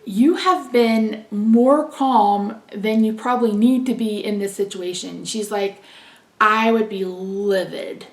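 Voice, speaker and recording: A woman's voice: mid-range voice, slow. A woman, a beauty vlogger chatting to camera in a candid, rambling way. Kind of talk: casual chat to camera. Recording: echoey room, mic at a distance.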